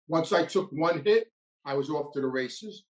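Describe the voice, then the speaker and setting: A man's voice: on the high side, expressive, normal speed, rough recording. Blunt streetwise New man telling his story. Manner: streetwise, blunt, repeats and restarts phrases. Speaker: former mobster telling his recovery story. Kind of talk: casual storytelling monologue.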